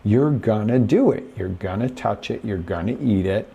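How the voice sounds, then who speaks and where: A man's voice: lowish voice, expressive, normal speed, creaky, warm tone, husky, highs cut off. A man hosting a live motivational coaching show, talking emphatically straight to his viewers from a webcam setup. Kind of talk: motivational live-stream talk.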